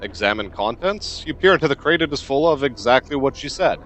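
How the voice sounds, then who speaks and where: Male let's player, narrates game text, casual and low-key. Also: expressive, brisk, fairly bright tone, a little hiss or hum. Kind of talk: casual game commentary and reading aloud.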